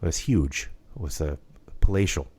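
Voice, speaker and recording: A man's voice: extremely low pitch, expressive, normal speed, darkish tone, husky. A man co-hosting a podcast, chatting casually and rambling with many restarts and fillers. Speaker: podcast co-host. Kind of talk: casual chat.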